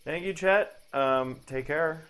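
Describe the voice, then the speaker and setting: A man's voice: a little high, slow, slight background noise. A man hosting a let's play, giving casual, jokey gameplay commentary. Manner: jokey and animated.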